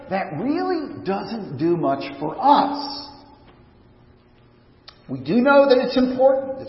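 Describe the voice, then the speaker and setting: A pastor preaching a sermon in a conversational, searching way, often restarting his sentences, recorded in a church sanctuary. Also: high-pitched. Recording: echoey church hall, dull lo-fi sound.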